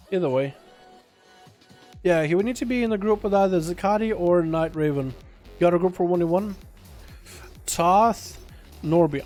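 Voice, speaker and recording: A young man hosting a casual gaming livestream, sick, talking in an excitable, rambling way and laughing often. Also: high-pitched. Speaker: livestream host. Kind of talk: casual gaming stream chat.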